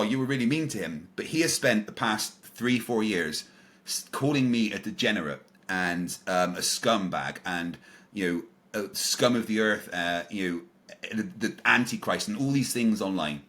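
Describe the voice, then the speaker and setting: A man's voice: on the low side, expressive, moderate pace, fairly bright tone. A man, a podcast guest casually retelling a confrontation, acting out the dialogue with lots of ums and restarts. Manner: retells encounters with quoted dialogue, many fillers and restarts. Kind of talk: casual storytelling in an interview.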